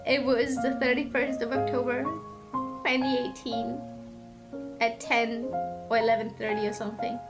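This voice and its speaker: A young woman streamer in casual chat, rambling and giggly, tearful over a fictional character. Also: fairly high pitch. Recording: stream audio with music behind.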